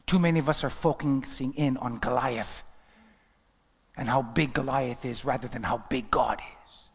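A man's voice: mid-range voice, fairly even intonation, normal speed, vocal fry, breathy edge. A man preaching a sermon in a church, asking the congregation question after question. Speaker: pastor. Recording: long hall reverb.

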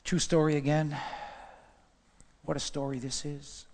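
A male pastor preaching with fervor, his voice pitched a little high and ringing out in a church with a long, lingering reverb. He rises to loud calls, then drops to near-whispers. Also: flat delivery, a little slow. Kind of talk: sermon.

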